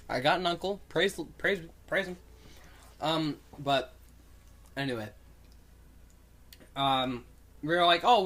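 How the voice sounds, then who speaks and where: A young man co-hosting a casual podcast, his voice bright and sitting a bit high. He rambles through an anecdote with plenty of fillers and slips into animated impressions of the people in it. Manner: rambling, filler-heavy, acts out quotes animatedly. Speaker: podcast co-host. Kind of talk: casual storytelling chat.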